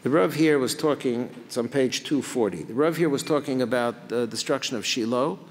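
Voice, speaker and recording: Rabbi lecturing in a reverberant hall. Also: male voice, mid-range voice, a little fast. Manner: reads Hebrew and Aramaic text then translates it, lively questions. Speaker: rabbi teaching a class. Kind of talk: Talmud lecture.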